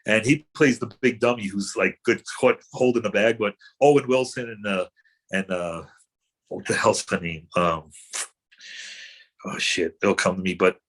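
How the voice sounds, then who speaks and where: Husky man rambling through stories. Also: fairly low pitch, moderate pace, a bit bright. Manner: rambling anecdotes, many fillers and restarts. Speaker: actor guest. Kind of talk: casual chat.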